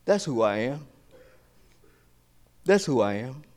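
A male pastor preaching a sermon. He asks his listeners questions and answers them himself, hesitating and restarting in quieter stretches and rising to emphatic peaks. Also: mid-range voice, big pitch swings, slow pace.

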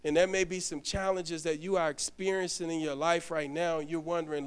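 A man's voice: on the high side, little pitch movement, a little fast, clear, resonant tone. Impassioned male deacon preaching. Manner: emotional storytelling, swelling to loud emphatic peaks. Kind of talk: sermon with story and closing prayer.

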